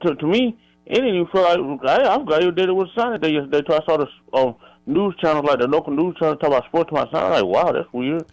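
A man co-hosting a sports radio show, talking quickly and rambling in loose, colloquial speech. His voice sits a little high, and the studio sound is close and dry. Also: dry recording, low-quality recording. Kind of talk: casual sports talk radio.

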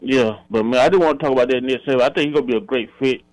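A man's voice: medium pitch, racing, no room sound, low-quality recording. A man co-hosting sports talk radio, rambling casually in colloquial speech.

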